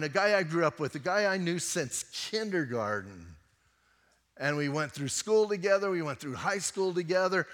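A pastor preaching a sermon, a man with a fairly high voice who tells stories in a conversational way. His delivery swings between emphatic and hushed. The recording carries the long reverb of a church hall.

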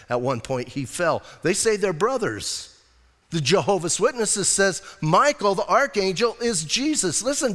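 A male pastor giving a sermon in a church, telling stories in a casual, animated way. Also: on the high side. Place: church sanctuary. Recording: long church reverb.

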